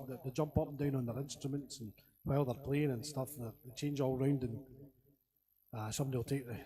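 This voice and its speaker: A man's voice: medium pitch, mellow. A Scottish man chatting casually between songs on a webcam stream, rambling and laughing as he tells stories. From Scotland. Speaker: singer streaming to friends.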